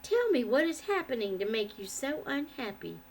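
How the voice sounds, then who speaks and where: A woman voicing a kind, cheerful male shepherd who speaks gently. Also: sits high, sing-song, moderate pace, full character voice, low-quality recording. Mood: kindly.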